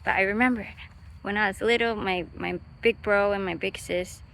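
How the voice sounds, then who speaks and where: A woman's voice: medium pitch, steady tone, normal speed, vocal fry, a bit bright, poor audio. A young woman vlogging in a loose, rambling way, chatty and easygoing, with lots of fillers, restarts and the odd curse word. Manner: swearing, easygoing. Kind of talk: casual rambling vlog.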